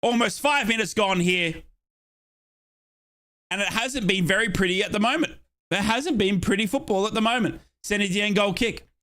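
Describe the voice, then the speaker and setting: A young man with an Australian accent calls a football match live for his fans. His voice sits a little high and sounds bright and forceful. He talks in a chatty, excitable way, with playful asides. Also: normal speed. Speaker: fan commentator on a match watchalong. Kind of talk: live play-by-play football commentary.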